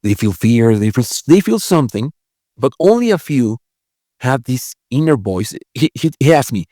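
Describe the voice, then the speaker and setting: A man talking as an interview guest, acting out inner voices with big swings in pitch and often repeating and correcting his words. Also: very animated, moderate pace, mellow, no room sound, clean studio sound. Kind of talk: conversational interview.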